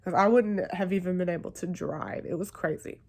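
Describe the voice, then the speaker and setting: A woman's voice: fairly low pitch, steady tone, moderate pace, darkish tone. Chatty young woman vlogger. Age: young adult. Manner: chatty, emotional, lots of fillers. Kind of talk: casual storytelling to camera.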